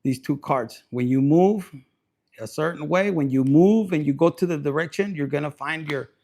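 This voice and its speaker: A man's voice: a little high, moderate pace, a little mellow. Crude, joking man reading tarot. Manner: crude, joking, mixes in Spanish slang. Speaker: tarot reader.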